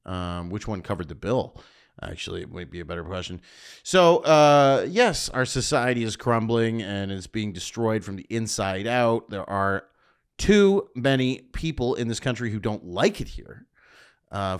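A man's voice: on the low side, clear, resonant tone. A man from Canada, a stand-up comedian ranting sardonically on his own show with rambling, provocative asides. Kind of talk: comedic rant.

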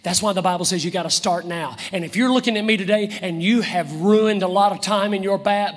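Man, live sermon, fervent preaching, high-pitched voice, long church reverb. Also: brisk, few pauses. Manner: impassioned preaching, repeats phrases, drops to whispers. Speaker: pastor.

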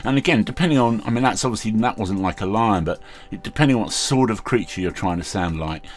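A man's voice: on the low side, expressive, quick pace. A man hosting a casual how-to tutorial, talking in a rambling, chatty way with many fillers. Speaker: video host.

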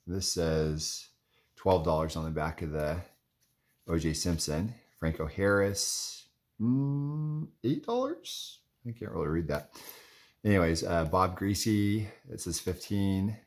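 A man's voice: low voice, lively intonation, slow. A man in casual running commentary as he flips through trading cards, rambling and chatty with lots of filler words. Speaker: card collector vlogger.

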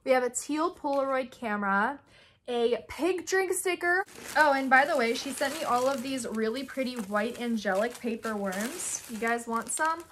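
A young woman vlogger excitedly opening fan mail, gushing and gasping as she reads notes aloud. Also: high-pitched, normal speed. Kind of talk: excited unboxing chat.

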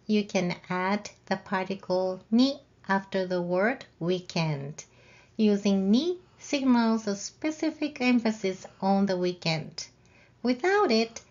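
Slow careful woman teacher going over grammar, kinda muffled lo-fi sound. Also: mid-range voice, darkish tone. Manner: patient, measured, spells out example sentences. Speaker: Japanese language teacher. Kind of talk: slow, careful lesson explanation.

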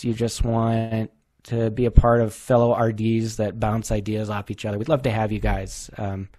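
A man's voice: fairly low pitch, level tone, normal speed, warm tone, no echo. A man from New Hampshire, a guest race director on a casual podcast, talking in a blunt, joking way and swearing freely. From New Hampshire, USA.

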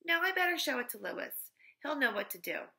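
A woman's voice: high voice, big pitch swings, a little fast, gravelly, bright, forceful tone, pitched above the performer's own voice, exaggerated voice. A woman reading aloud in the voice of an earnest young schoolgirl who insists on her point.

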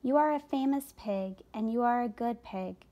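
A woman reading as a gentle, tired spider. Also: normal speed, highs cut off, natural voice. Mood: quiet, tender. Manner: soft and low-voiced.

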